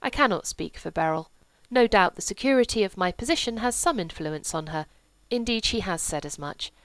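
A woman reading the part of a solemn, placid, pompous gentleman with a grave, measured delivery. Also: mid-range voice, animated, no echo, natural voice, low-quality recording.

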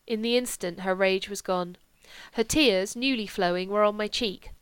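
Smooth-voiced woman narrating a novel. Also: medium pitch, normal speed, few pauses, dry recording. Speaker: audiobook narrator. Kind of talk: literary audiobook narration.

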